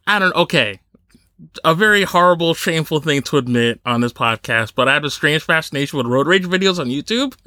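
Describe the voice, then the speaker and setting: A high, bright man's voice from New Jersey, swinging widely in pitch as he tells a podcast story. He acts out the people he quotes. The sound is dry and close. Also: lively intonation, a little fast, no room sound. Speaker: podcast host. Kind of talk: casual podcast chat.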